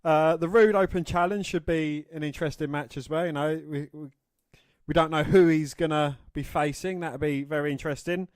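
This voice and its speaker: A man's voice: fairly high pitch, steady tone, normal speed, no echo. A man co-hosting a podcast, chatting enthusiastically about the night's events. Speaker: podcast co-host. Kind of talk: casual chat.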